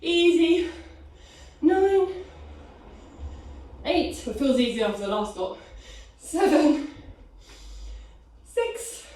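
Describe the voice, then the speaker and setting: Winded pilates teacher on a video call, counting and cueing from across a very echoey room. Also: female voice, a little high, expressive, takes it slowly, mellow. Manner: counts reps aloud, upbeat encouraging cues. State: out of breath. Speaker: pilates instructor. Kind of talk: live online fitness class cueing. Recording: echoey room, distant from mic.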